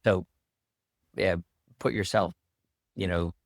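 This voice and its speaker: Low flat-voiced podcast host. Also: male voice, takes it slowly, vocal fry, no echo, studio quality. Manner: playful, rambling storyteller. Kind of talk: podcast interview.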